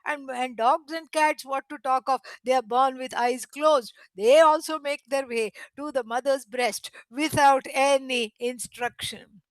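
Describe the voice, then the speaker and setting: A woman with a high voice teaches a scripture class, telling the story in an animated way. She chuckles often and chants Sanskrit lines. The recording is close and dry. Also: unhurried, hardly any pauses, dry recording. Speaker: Vedanta teacher. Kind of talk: spiritual lecture with storytelling.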